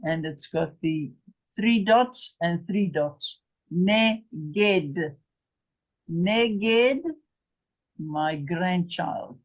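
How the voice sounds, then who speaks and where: A woman's voice: on the low side, drawn-out words, long pauses, low-quality recording. An English woman teaching a language lesson, patiently repeating each word and spelling out its letters. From England. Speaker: Hebrew teacher.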